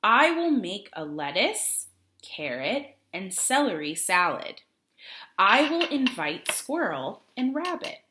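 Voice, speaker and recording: Woman voicing a clever male storybook fox, calm, knowing, lively tone. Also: medium pitch, slow, roomy sound, full character voice.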